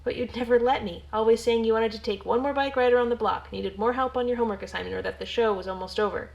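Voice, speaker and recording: A woman voicing a quick-witted young woman in playful banter, read in an audiobook. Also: a little high, steady tone, vocal fry, a little mellow, muffled recording.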